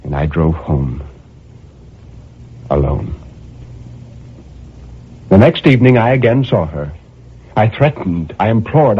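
A narrator with a lowish, slightly rough voice reads a dramatic first-person story in a brooding way, breaking into impassioned outbursts. The recording is tinny and narrow-band.

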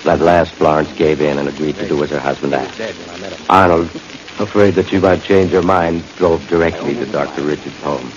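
A man narrating a 1940s radio drama in a measured, formal manner. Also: very deep voice, steady tone, background noise. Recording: dull old radio recording.

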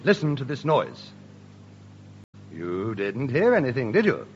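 A man performing a deadpan mock science lecture in a radio sketch comedy. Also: medium pitch, measured pace. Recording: dull old radio recording with hiss.

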